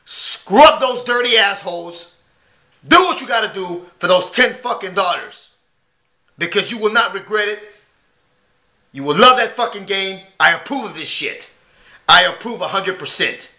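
A man hosting his own channel, delivering a loud, profane and emphatic promotional rant with repeated call-and-response lines. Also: sits high, expressive, unhurried. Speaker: channel host. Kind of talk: hyped promotional rant to camera.

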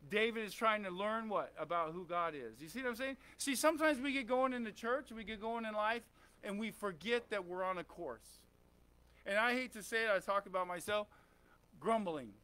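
A man's voice: high voice, sharp tone, clean tone. A man preaching a conversational sermon in a church, often asking the congregation questions and saying "amen.". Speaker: pastor.

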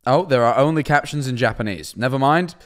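A young man chatting on a live stream from his kitchen, telling a rambling, animated story and answering chat. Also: mid-range voice, fairly quick. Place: kitchen at home.

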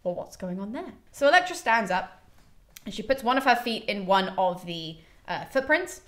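A chatty woman talks through the plot of a classical play in a casual, friendly way. She drops playful mock quotes of the characters into her summary, pitched in a middle range for a woman. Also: sing-song, normal speed. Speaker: host explaining a classical play.

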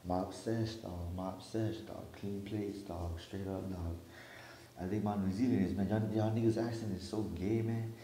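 Brief: Hawaiian man, low mellow voice, profane boastful street-slang rant, echoey room with faint hiss. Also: steady tone, normal speed. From Hawaii, Big Island. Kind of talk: casual rant.

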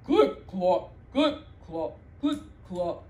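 Woman doing a deep bold billy goat. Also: expressive, takes it slowly. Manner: low, loud, challenging. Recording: roomy echo.

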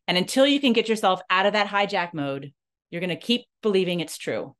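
A woman telling her own story in an emotional personal monologue. She is earnest and halting, restarts her sentences often, and rises and falls in pitch as she speaks. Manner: animated, rising and falling in pitch. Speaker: nonprofit leader sharing a personal story.

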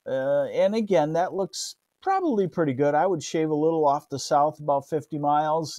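A man's voice: medium pitch, mellow, no room sound. A man with a Midwestern American accent giving a casual live weather forecast as a meteorologist, greeting viewers by name along the way.

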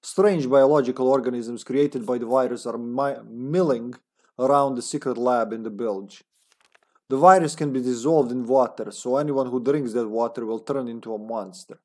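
The speaker's delivery here stays close to his everyday voice: mid-range, darkish, at a moderate pace, only lightly acted. He voices a solemn, grim male terrorist agent's diary from game text, using a put-on mock-Russian comrade accent.

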